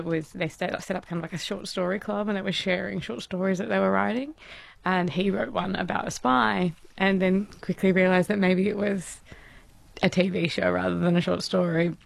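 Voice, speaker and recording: A woman co-hosting a casual chat about TV, rattling quickly through her asides. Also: on the low side, vocal fry, dry recording. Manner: chatty, rushes through asides. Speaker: podcast co-host.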